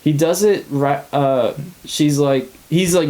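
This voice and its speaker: Animated man retelling scenes. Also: a little high, unhurried, poor audio. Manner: animated retelling, acts out characters' lines. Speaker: podcast co-host. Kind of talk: casual chat.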